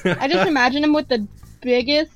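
A woman's voice: high voice, brisk, soft background music. A woman chatting as a co-host on a casual podcast, emphatic in her opinions. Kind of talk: casual chat.

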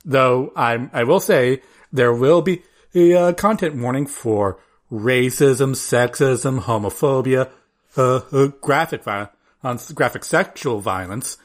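A man's voice: medium pitch, takes it slowly. A man co-hosting a podcast in a casual chat, rambling with plenty of restarts. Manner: rambling with many restarts and fillers. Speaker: podcast co-host.

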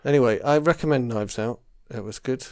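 A man's voice: medium pitch, a little fast, clean tone, no echo, clean studio sound. Rambling English man chatting casually. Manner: rambling, searches for words, many restarts. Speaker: podcast co-host. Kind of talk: casual chat.

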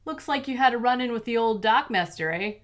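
A woman's voice: on the high side, lively intonation, brisk, fairly bright tone, pitched above the performer's own voice. A woman doing a menacing vengeful male villain.

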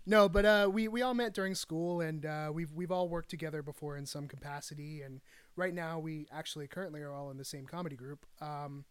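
A man's voice: on the high side, fairly even intonation, brisk, clean tone, dry recording. A man, a theater director, answering interview questions with lots of hesitation. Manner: hesitant, many fillers and restarts.

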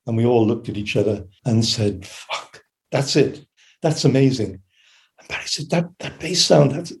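Older man telling studio stories, mellow voice. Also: mid-range voice. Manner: animated anecdotes, acts out quotes and hums melodies. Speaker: session keyboard player telling studio stories. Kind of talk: casual storytelling interview.

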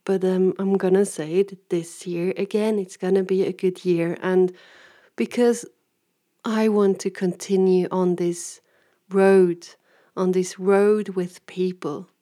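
Mellow-voiced woman rambling through a story. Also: on the low side, steady tone, slow. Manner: rambling, laughs often, acts out quoted voices. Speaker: vlogger and coach. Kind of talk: casual personal storytelling.

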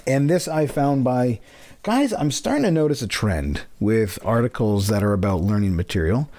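A man's voice: mid-range voice, animated, normal speed, darkish tone. A man hosting a casual podcast, rambling and playful, with self-mocking asides. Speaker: podcast host.

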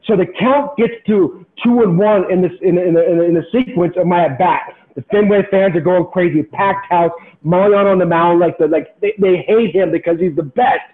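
A man in his forties, a former pro ballplayer, tells a story as a podcast guest in an animated, intense, motivational way, repeating words when excited. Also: high voice, normal speed, few pauses. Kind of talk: storytelling in casual interview. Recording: tinny phone-like sound.

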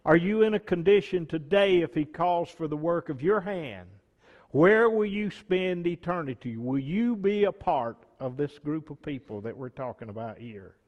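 A man preaching a sermon, reading scripture and explaining it slowly and deliberately, with emphatic bursts on key words. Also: on the high side, expressive, long reverb tail, lo-fi sound. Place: church sanctuary.

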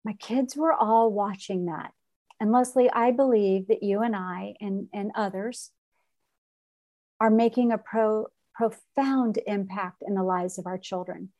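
A woman's voice: mid-range voice, mellow. A middle-aged woman, a podcast guest telling an emotional personal story and acting out what others said. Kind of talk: conversational storytelling.

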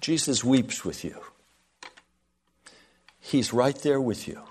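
A man preaching a sermon to a congregation, swinging from loud pleading to soft, hushed lines. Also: medium pitch, lively intonation, takes it slowly, slightly rough.

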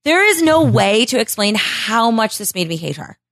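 A woman's voice: fairly high pitch, very animated, normal speed, gravelly, a bit bright, no room sound. Blunt, sarcastic woman podcaster. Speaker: podcast host. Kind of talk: casual podcast chat.

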